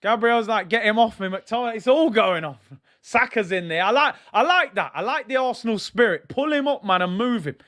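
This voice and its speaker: A young man giving excitable, slang-heavy live commentary as he watches a football match, now and then bursting into shouts. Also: high voice, normal speed. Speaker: football fan streamer.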